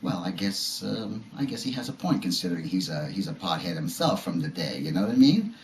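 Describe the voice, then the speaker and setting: A man in his fifties with a deep, low voice talks in a loose, rambling way full of fillers. He tells his stories in a streetwise style and slips in quick acted-out lines. The sound is roomy and echoey, with a faint hiss of ambient noise underneath. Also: very animated, a little mellow. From Canada. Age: 50s. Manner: acts out characters' lines in short quoted bits. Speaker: vlogger. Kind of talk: casual monologue, storytelling.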